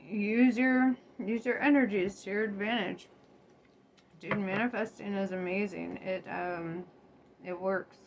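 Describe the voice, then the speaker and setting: Her mid-range voice moves at a measured pace with fairly even intonation as this young tarot reader gives her viewers a casual reading. She keeps it chatty and loose, swearing freely and laughing a lot, over faint background noise.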